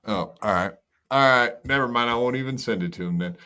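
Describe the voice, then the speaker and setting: Male podcast host, bright and forceful tone, middle pitch, crude jokes, loose delivery full of "uh"s. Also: a little fast, clear, resonant tone. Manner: crude, joking, trails off with fillers. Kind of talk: casual podcast chat.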